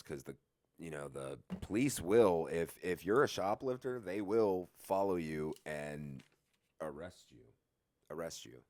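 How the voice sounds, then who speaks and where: A young man with a very low voice tells a rambling, profane story from his own life. He laughs at himself along the way. The sound is dry and close, with no room echo. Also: expressive, measured pace, a little mellow. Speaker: vlogger. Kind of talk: casual storytime.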